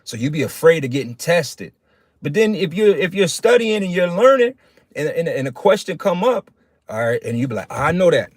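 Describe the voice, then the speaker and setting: A man's voice: a little high, big pitch swings, moderate pace, dry recording. A man giving a casual sermon on a livestream, preaching in plain street talk and calling his listeners "man".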